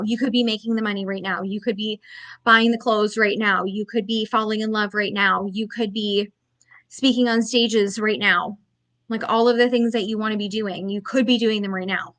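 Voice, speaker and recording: A woman's voice: on the high side, a bit bright. Blunt, emphatic woman business coach. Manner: blunt, emphatic, conversational with many fillers. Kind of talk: motivational talk.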